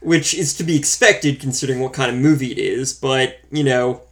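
A man's voice: medium pitch, fairly quick. Laid-back man reviewing a movie. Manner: relaxed and wry, counting off points. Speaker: podcast co-host reviewing a film. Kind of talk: casual movie review chat.

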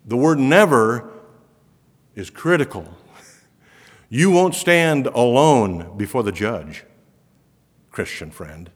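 Earnest preacher in a reverberant hall. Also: male voice, medium pitch, animated, slow, pauses often, breathy edge. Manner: earnest, emphatic, rising for repeated promises. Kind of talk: sermon.

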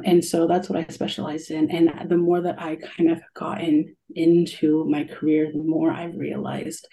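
A woman's voice: on the low side, dark tone. A young adult woman, an art therapist, telling a heartfelt story in a radio interview, with many ums and likes.

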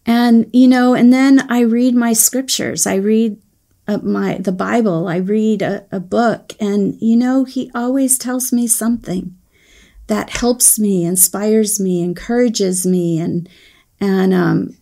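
Woman doing a slow devotional talk, gravelly voice, lots of pauses and ums, earnest. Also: mid-range voice, fairly even intonation. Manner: earnest, searching, pauses often with soft fillers. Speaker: Christian devotional speaker.

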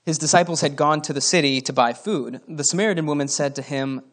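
A man's voice: on the high side, fast talker, fairly bright tone. A man preaching a sermon in a casual, conversational way, reading scripture aloud and breaking off into asides with the odd chuckle.

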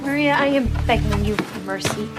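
A woman's voice: fairly high pitch, brisk, lightly acted. An actress playing a teenage girl who pleads and bargains with her best friend in a TV drama clip. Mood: pleading. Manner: pleading, chatty. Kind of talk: TV drama dialogue. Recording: TV clip with music behind.

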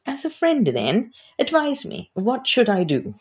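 A woman's voice: on the high side, huge pitch swings, unhurried, husky, pitched above the performer's own voice, full character voice. A woman voicing a sheltered, earnest young lady of genteel society as she reads aloud from a historical novel.

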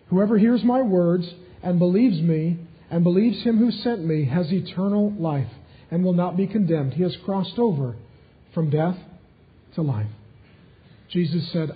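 Man, pastor, sermon, high-pitched, emphatic, dull muffled recording. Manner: emphatic, building to loud intense climaxes.

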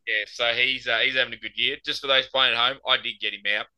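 A man's voice: medium pitch, steady tone, fast, pushed and bright, poor audio. A young Australian man on a podcast, telling a rambling story full of swearing. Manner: swears freely, rambling anecdotal delivery. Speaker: podcast host. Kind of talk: casual storytelling chat.

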